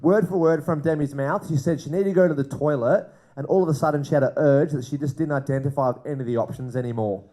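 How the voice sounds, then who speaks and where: A man's voice: a little high, fast, few pauses, mellow. A male comedian doing a brash, crude stand-up set, goading the crowd, on a comedy club stage into a handheld mic.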